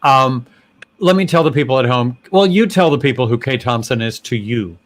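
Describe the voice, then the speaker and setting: A man's voice: mid-range voice, animated. A man hosting a casual video-call chat, chatty and laughing easily, drawing out his words. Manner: chatty, laughing, slow and drawn out. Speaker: host.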